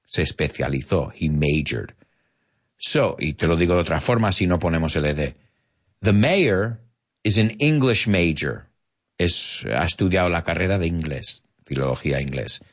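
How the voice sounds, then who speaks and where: An American man teaching English in a live online lesson, chatty and animated, dropping in Spanish asides. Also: deep voice, moderate pace.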